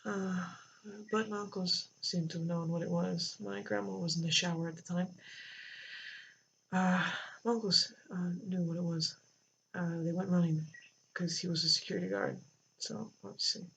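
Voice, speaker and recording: Halting vlogger telling a hard story. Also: mid-range voice, gravelly, fairly bright tone. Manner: halting, many fillers and restarts. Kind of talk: personal storytelling. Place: near a road with passing cars. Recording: dull lo-fi with faint traffic noise.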